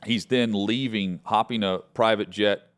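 Low-voiced man hosting sports talk. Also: steady tone, unhurried, clean tone. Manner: hesitant, with many fillers. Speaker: host.

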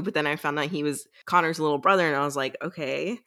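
A woman's voice: low-pitched, fast, hardly any pauses, fairly bright tone. A young woman co-hosting a book podcast, casually recapping the plot and acting out lines. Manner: chatty, recaps plot with quoted voices and laughs. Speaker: podcast co-host.

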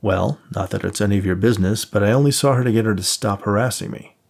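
A man's voice: on the low side, quick pace, creaky, darkish tone, breathy edge. A man voicing a tired, injured man in an audiobook, talking in a dry, sarcastic way. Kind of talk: audiobook character voice.

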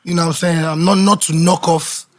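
A man's voice: on the high side, flat delivery, fairly quick. A man, a guest singer from Nigeria, chatting casually in a studio, laid-back, with lots of "like" and "you know". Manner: laid-back, filler-heavy, repeats "like". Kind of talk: casual chat.

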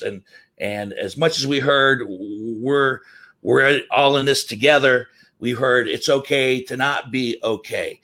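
A middle-aged man hosting a podcast, telling stories in an animated way, laughing and jumping up in pitch when excited. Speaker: podcast host. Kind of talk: casual storytelling monologue.

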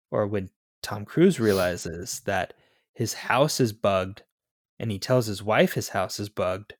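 A man's voice: fairly low pitch, dry recording, clean studio sound. A man co-hosting a podcast, chatting about a movie in a jokey, casual way with plenty of fillers. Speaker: podcast co-host.

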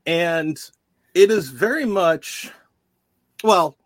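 A man's voice: a little high, expressive, very slow, no echo. A man hosting a podcast interview, enthusiastic and joking with his guest. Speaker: podcast host.

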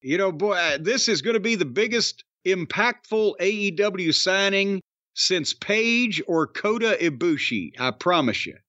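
A man's voice: high-pitched, animated, measured pace, bright, forceful tone, no echo. An older man hosting a casual wrestling podcast, ranting with profanity and sarcastic rhetorical questions. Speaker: podcast host. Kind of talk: casual wrestling review chat. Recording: slightly dull, dry podcast audio.

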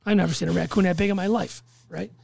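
A man telling a story in casual chat, animated and profane, acting out the voices of others. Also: sits high, fast, creaky, no echo. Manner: animated, profane, acts out quotes.

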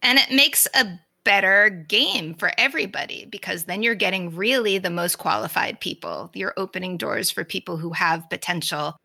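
A woman co-hosts a casual baseball talk show with a gravelly, fry-laden voice. Her tone is bright and forceful, her manner earnest and informative, and the sound is dry and close. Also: mid-range voice, normal speed, few pauses, no room sound. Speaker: podcast co-host. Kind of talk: casual sports chat.

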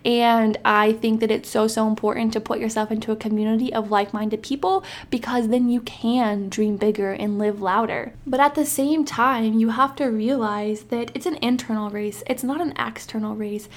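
Upbeat young woman with a bright-pitched voice. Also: steady tone, normal speed, hardly any pauses. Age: 20s. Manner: upbeat, emphatic and encouraging. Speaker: podcast host. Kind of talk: motivational podcast monologue.

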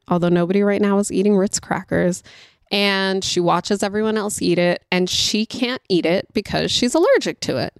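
A mother who homeschools, telling a story in a chatty, animated way and talking straight to her listeners. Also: medium pitch, no echo, clean studio sound. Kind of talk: casual storytelling monologue.

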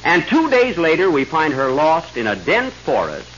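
A man's voice: a little high, huge pitch swings, moderate pace, fairly bright tone. A man hosting and narrating a 1930s radio comedy sketch, tossing dry, wry asides to the audience. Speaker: host and narrator. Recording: dull, noisy 1930s radio broadcast.

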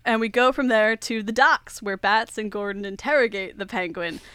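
Young woman host, smooth crisp voice, dry close sound, chatty recap. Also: medium pitch, moderate pace, no room sound. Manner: lively retelling, laughs often. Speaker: podcast host. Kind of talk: casual movie recap chat.

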